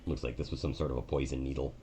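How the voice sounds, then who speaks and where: Deep-voiced male game master, relaxed narration, faint noise. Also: very fast. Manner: relaxed, filler-heavy narration.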